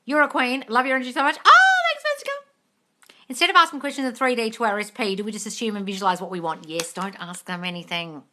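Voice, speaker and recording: A woman reads out chat questions and answers them in a casual live stream. She is blunt and swears freely, calling everyone darling. Her voice is bright and forceful, with a medium pitch. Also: big pitch swings, quick pace. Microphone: phone on a live stream.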